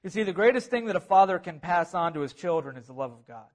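A man delivers a sermon in an earnest, driving way, repeating key phrases to build emphasis. His voice sits notably high for a man. He sounds like a pastor speaking to his congregation. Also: expressive, fast. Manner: earnest, repetitive preaching with rising emphasis.

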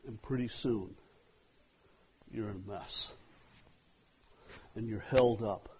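A pastor telling a story in a sermon, swinging from loud outbursts to hushed asides. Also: male voice, on the low side, slow, husky.

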